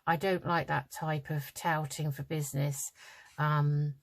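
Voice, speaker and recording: A low-voiced older woman from the UK chats casually as she works on a collage at her craft table. She rambles along with plenty of ums and sounds a little tired. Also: little pitch movement, measured pace. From United Kingdom. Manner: chatty and rambling, with many ums. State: yawning, tired. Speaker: craft vlogger. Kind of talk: casual chat while crafting.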